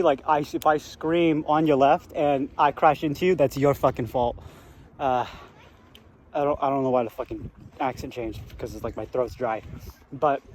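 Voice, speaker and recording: Young guy talking while he runs outside, kinda out of breath, rambly, swears a lot, mid pitch. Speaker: vlogger. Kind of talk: casual vlog talk while running. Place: outdoor hilly public trail.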